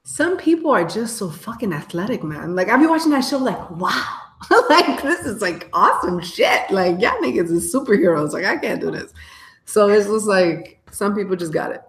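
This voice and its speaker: A woman's voice: mid-range voice, big pitch swings, normal speed. A woman co-hosting a casual podcast, her voice in the middle range. She talks bluntly in street slang and swears freely. The room around her rings with a noticeable echo. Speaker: podcast co-host. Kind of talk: casual chat.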